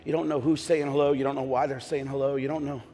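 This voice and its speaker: A pastor preaching a sermon in a church, telling stories with humor and sudden shouted lines. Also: male voice, mid-range voice, fast. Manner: animated storytelling with jokes and bursts of shouting. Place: church sanctuary. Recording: long hall reverb, faint music behind.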